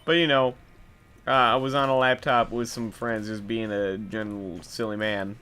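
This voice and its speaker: A man's voice: on the low side, level tone, normal speed, sharp tone. A young man talks over his gameplay in a loose, meandering way, drifting into side stories and poking fun at himself. He curses freely and keeps coming back to the game between tangents. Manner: rambling, self-deprecating, swears a lot. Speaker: let's play commentator. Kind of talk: casual gameplay commentary.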